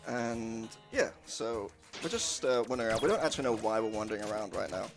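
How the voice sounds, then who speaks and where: Chatty male speedrunner, animated delivery, music bed underneath. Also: on the low side, fast. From United Kingdom. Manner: chatty, jokey, laughs often. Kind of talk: casual live commentary on a game run.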